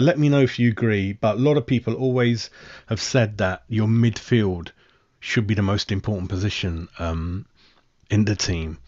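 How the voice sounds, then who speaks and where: Rambling football-fan host, lowish voice. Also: male voice, a little mellow, dry recording, highs cut off. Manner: rambling, chatty, answers viewer comments, calls everyone mate; clears his throat often. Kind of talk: live-stream football chat.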